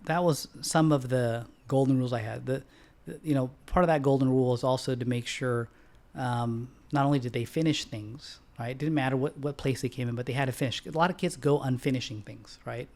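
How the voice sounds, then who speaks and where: A middle-aged man who founded a bank tells stories on a podcast in a casual, animated way and at a fairly quick clip. He clears his throat often and breaks into sharp, high-pitched outbursts whenever he acts out a quote.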